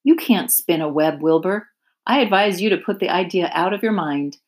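A woman reading aloud, voicing a wise, patient female spider with a calm, measured, instructive voice. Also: fairly low pitch, lightly acted.

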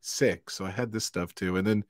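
A man's voice: sits low, brisk, no room sound, clean studio sound. A man hosting a live stream from home, chatting casually and laughing often as he wraps up the show. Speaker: livestream host. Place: home in New York.

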